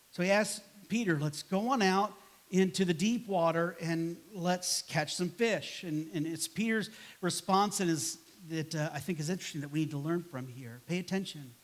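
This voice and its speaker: Male pastor, chatty sermon, high voice, church setting. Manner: conversational, acts out quoted voices with a sigh and grumble.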